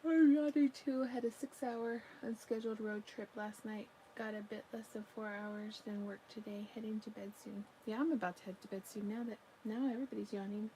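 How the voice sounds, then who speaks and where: A woman's voice: mid-range voice, fairly even intonation, fairly quick, hardly any pauses, dark tone, a little hiss or hum, poor audio. A woman chatting casually on a crafting live stream, reading out viewer comments and yawning now and then. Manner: chatty, yawning, talks to her pet between comments. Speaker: livestream crochet crafter. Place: home.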